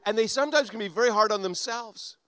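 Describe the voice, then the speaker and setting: A male preacher delivers a sermon with a slightly high voice, recorded close and dry. He is animated, swinging between loud, punchy lines and quiet asides, and acts out the voices he quotes. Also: fast talker, no room sound. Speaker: pastor.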